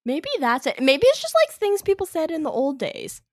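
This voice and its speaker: A woman's voice: high voice, big pitch swings, normal speed, darkish tone, no room sound, studio quality. A young woman, a student, chatting casually about a book on a review podcast, talkative with hesitant asides.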